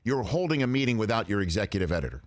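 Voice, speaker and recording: A middle-aged man hosting a sports radio talk show, telling stories with lively quoted voices. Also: fairly low pitch, rapid-fire. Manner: animated storytelling with quoted voices.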